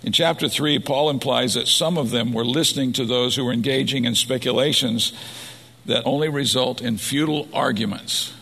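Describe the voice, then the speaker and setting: Male pastor, gravelly and husky, earnest sermon delivery, long hall reverb. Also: mid-range voice, moderate pace, bright, forceful tone. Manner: earnest preaching, rising to emphasis.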